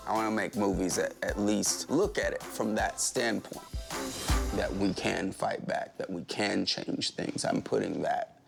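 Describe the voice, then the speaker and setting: A man, a film director, reflecting on his work in a measured, storytelling interview manner. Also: fairly low pitch, gravelly, music in the background.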